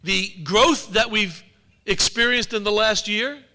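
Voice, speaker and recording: A man's voice: high-pitched, unhurried, bright, forceful tone. A man giving a public talk to an audience, telling stories with wry humor. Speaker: speaker. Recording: long hall reverb.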